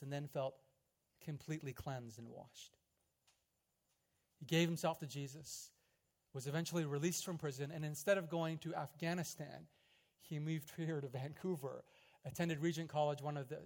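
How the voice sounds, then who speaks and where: A man preaching a sermon, telling a story dramatically, swelling loud and then dropping quiet. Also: on the high side. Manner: dramatic storytelling, rising loud in quoted prayers and dropping soft. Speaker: pastor.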